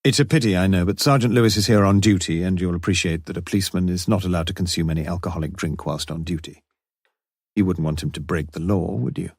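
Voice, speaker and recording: A man voicing a shrewd, wry male police inspector in an audiobook, coaxing and quietly commanding. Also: deep voice, quick pace, slightly rough, no echo. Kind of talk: audiobook character voice.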